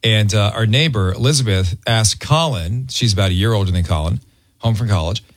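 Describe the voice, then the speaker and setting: A man's voice: fairly low pitch, a little fast. A middle-aged man hosting a morning radio show, bantering playfully and teasing his co-hosts.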